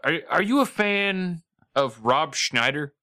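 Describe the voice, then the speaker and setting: A man's voice: a little high, expressive, slow pace, pushed and bright, no echo, clean studio sound. A man hosting a prank phone call, pushy and rambling, coaxing the other side again and again. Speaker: host making a prank call.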